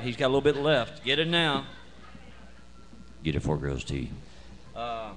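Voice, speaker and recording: A man emceeing a live music night on a bar stage, rambling and self-mocking through stage banter with chuckles. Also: mid-range voice. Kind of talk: casual joking stage banter.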